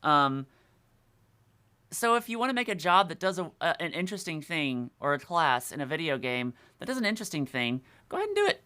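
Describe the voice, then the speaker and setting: Bright, animated podcast guest. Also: mid-range voice, brisk, clean tone. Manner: animated, lots of fillers and restarts. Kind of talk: casual podcast chat about games.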